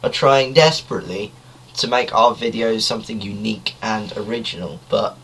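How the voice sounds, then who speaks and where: A young man with a low voice co-hosts a casual podcast, hesitant but dry-witted. He sits back from the mic, so he sounds distant, with faint noise underneath. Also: normal speed, vocal fry, fairly bright tone. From Britain. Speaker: podcast co-host. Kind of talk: casual chat.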